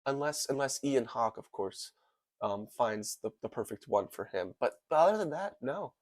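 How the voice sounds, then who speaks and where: A man's voice: medium pitch, sing-song, moderate pace, no echo, clean studio sound. Rambling young man roasting a movie. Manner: rambling, hyperbolic, full of "like" and "dude". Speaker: movie reviewer. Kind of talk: casual comedic movie commentary.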